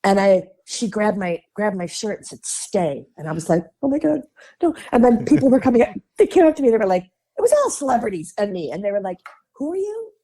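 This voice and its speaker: A woman from Chicago with a Midwestern accent, a guest on a podcast, telling chatty and animated stories, laughing often and acting out the voices of people she quotes. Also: mid-range voice, fast, few pauses. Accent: Midwestern American. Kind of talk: casual interview storytelling.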